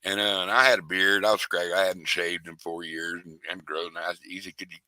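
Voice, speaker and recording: Older man, rambling folksy storyteller; low sharp voice, dry close sound. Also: flat delivery, fairly quick, no room sound. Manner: rambling, folksy and profane, with many restarts. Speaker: interviewee. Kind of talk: casual storytelling.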